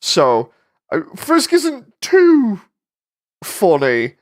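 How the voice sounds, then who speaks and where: A man's voice: sits high, wildly swooping pitch, drawn-out words. A man with a stuffy, congested voice from a cold, chatting casually and thinking aloud while he edits an animation. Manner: rambling, thinking aloud, with frequent fillers. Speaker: 3D animator and channel host. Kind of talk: casual chat while editing.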